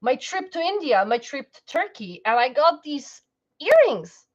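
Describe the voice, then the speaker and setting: A high-pitched woman chats on her livestream in a loose, rambling way, restarting her sentences and breaking into laughs. The audio is a little dull and lo-fi, like a home stream. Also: very animated, measured pace. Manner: rambling, self-interrupting, laughs often. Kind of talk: casual livestream chat.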